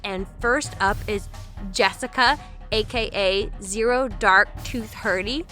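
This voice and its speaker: Bright high-voiced woman, lively and candid. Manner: lively, candid, swears casually. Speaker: podcast co-host. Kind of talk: casual podcast chat.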